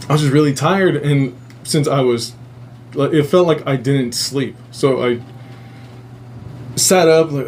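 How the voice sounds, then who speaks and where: A man's voice: medium pitch, fairly quick, a little hiss or hum. A man hosting a podcast, telling a strange dream story in a casual, profane way and acting out the quotes. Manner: profane, animated retelling with acted-out quotes. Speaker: podcast host.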